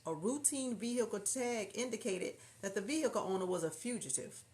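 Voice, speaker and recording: A woman's voice: mid-range voice, lively intonation, a little fast, darkish tone. Woman, southern drawl, casual livestream host, chatty, reads chat aloud. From Houston, Texas. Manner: chatty, thinks aloud, reads viewer comments.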